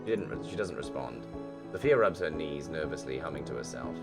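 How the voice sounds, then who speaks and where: Low-voiced young male game streamer. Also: lively intonation, fairly quick, vocal fry, loud music behind the voice. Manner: casual, swearing, reacting out loud. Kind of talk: let's-play narration and commentary.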